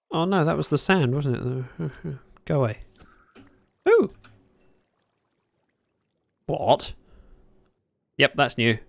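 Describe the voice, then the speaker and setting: A man chatting casually at his desk while livestreaming a game, speaking into a desk microphone, with sudden excited yelps. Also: on the high side, slow pace, creaky, pauses often, no room sound. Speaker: gaming livestreamer. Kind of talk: casual commentary while playing.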